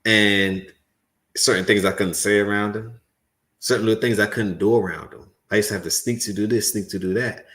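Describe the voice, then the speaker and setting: With a lowish voice, a man whose first language isn't English hosts a commentary show, reacting to a clip and preaching animatedly at viewers.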